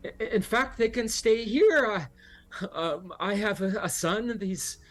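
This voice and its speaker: A man's voice: animated, measured pace. A man voicing a gushing, devout middle-aged woman hostess who talks in flustered, apologetic bursts. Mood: eager. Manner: fluttery, apologetic, rising into high exclaims.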